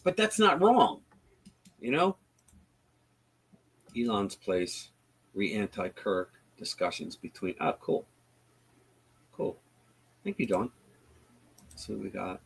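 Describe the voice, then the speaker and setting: Animated, profane male livestream host. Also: medium pitch, measured pace, long pauses, slightly rough, poor audio. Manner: blunt, profane, animated retelling with many restarts. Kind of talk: casual political commentary.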